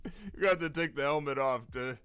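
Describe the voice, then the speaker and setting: A man's voice: fairly high pitch, quick pace, fairly bright tone, clear, resonant tone, no echo, close to an everyday voice. A man voicing a male church security guard who talks in a coaxing, overly friendly way.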